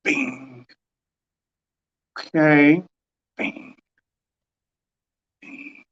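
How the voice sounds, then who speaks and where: A man hosting a casual livestream from home, telling a story and acting out quoted dialogue with big pitch swings. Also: level tone, very slow, fairly bright tone, clear, resonant tone, lo-fi sound. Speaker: track and field livestream host.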